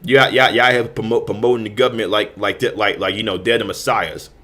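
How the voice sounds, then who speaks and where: A man's voice: on the low side, steady tone, fast, a bit bright. A man hosting a show, delivering heated commentary full of restarts, repeated words and swearing. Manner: heated, repetitive, stammering restarts with frequent profanity. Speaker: host. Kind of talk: ranting commentary.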